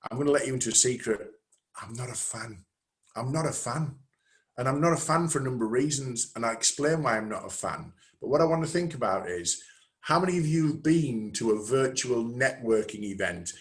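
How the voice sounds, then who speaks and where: Male webinar presenter, chatty, self-deprecating, talks over a video call. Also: mid-range voice. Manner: lively, conversational, self-deprecating. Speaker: webinar presenter, networking coach.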